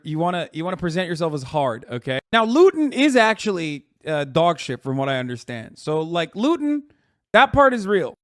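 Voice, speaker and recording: A man's voice: fairly high pitch, dry recording, clean studio sound. A man streaming a reaction video, mocking and laughing at what he watches and swearing freely. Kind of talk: casual reaction commentary.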